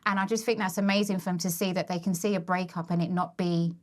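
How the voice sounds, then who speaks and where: A woman in her thirties, a guest on a podcast, speaking candidly and thoughtfully in a relaxed chat. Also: lowish voice, quick pace. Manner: candid and reflective, with many fillers and restarts. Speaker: guest, working mother and business owner. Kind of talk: casual chat.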